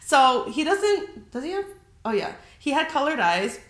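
A young adult woman hosts a podcast, telling a story in casual chat with a high, slightly bright voice that swings widely in pitch at a measured pace. She's chatty, leans heavily on "like," and swears freely. The room has a noticeable echo.

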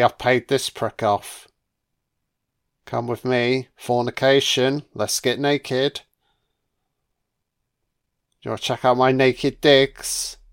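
A man's voice: medium pitch, clear, resonant tone. A man voicing a smug, scheming sheriff, boastful and crude, in a sneering mocking tone.

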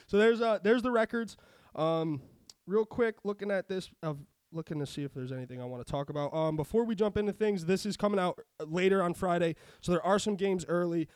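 High-voiced ranting man, dry sound. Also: a little fast, clear, resonant tone, dry recording. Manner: profane, ranting, animated. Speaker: sports betting podcast host. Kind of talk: casual chat.

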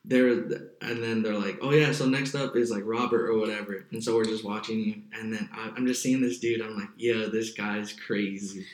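A man's voice: on the low side, steady tone, a little fast, few pauses. A young man as a podcast guest, chatting in a laid-back, slangy way full of "like" and "hella". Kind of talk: casual chat. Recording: roomy echoey room.

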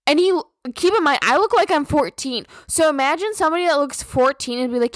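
Young woman, podcast host, cursing rant, high-ish voice, dry close sound. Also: animated, fairly quick, no room sound. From Minnesota. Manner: profane, blunt, storytelling. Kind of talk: casual rant.

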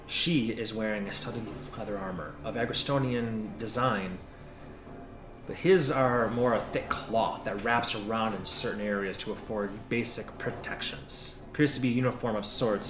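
A man's voice: on the low side, normal speed, reverberant, music in the background. A man narrating as game master in a laid-back way, describing scenes with casual swearing.

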